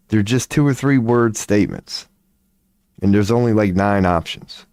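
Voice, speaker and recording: Profane laid-back man streaming, mellow voice. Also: fairly low pitch, normal speed, no echo, studio quality. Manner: profane, laughing, rambling storyteller. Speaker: livestream host. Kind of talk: casual livestream chat.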